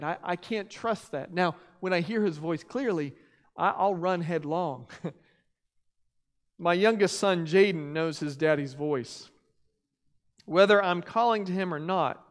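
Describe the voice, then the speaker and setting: A pastor in his thirties preaching a sermon and reading scripture, earnest, his loudness rising and falling. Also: sits high, long reverb tail.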